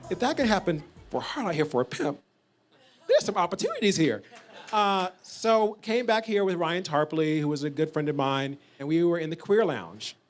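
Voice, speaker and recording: Chatty man with a higher voice. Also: sing-song, moderate pace. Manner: chatty anecdotal storytelling. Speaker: foundation chairman on a panel. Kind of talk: panel talk.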